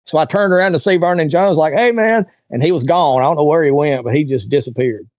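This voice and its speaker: Man, 40s, interview guest, storytelling, acts out quotes, fairly high voice, dry room. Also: fast talker, a little mellow, no echo. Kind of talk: casual storytelling. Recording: dull dry lo-fi sound.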